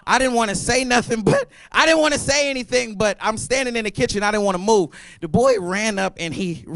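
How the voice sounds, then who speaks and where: High-voiced animated stand-up comedian man. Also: no room sound. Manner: animated, loud and playful, apologetic asides to the crowd. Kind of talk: open mic stand-up set. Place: comedy club stage.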